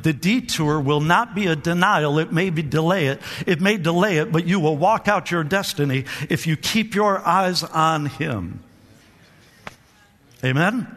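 A man's voice: on the high side, a bit bright, in a large hall. A man preaching a sermon to a church, calling for amens, repeating phrases and restarting his sentences. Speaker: pastor. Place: church hall.

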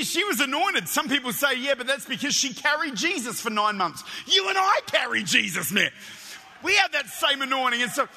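An Australian man preaches with a very high, sharp, piercing voice, tumbling into excited stammers as he tells his stories. His sermon rings out through a church with a long, echoing hall reverb. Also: breathy edge. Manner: energetic, animated storytelling with stammered restarts.

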